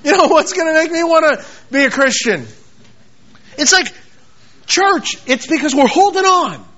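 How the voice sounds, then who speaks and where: A male preacher delivers a fervent sermon in a strikingly high voice. He repeats words for emphasis and slips into acted voices for scripture. The recording sounds dull and lo-fi. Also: big pitch swings, moderate pace, sharp tone. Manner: passionate, repetitive, quotes scripture in acted voices.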